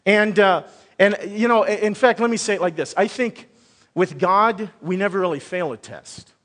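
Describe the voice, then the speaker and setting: Delivering a Sunday sermon at a moderate pace, this pastor has a high voice that rings with the long reverb of a big church sanctuary. His talk is loose and lively, working through ideas aloud and restarting often.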